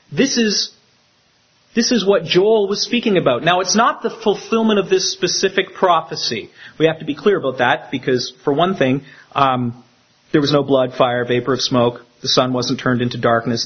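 Pastor guy preaching, kinda husky, a bit high, dull lo-fi sound. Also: normal speed. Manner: animated, acting out quotes with rising pitch. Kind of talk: sermon.

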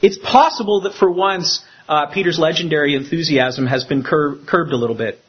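A man preaches a sermon, acting out the quotes with lively swings of pitch. His voice is slightly high and husky. The recording sounds dull and lo-fi. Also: normal speed. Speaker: pastor.

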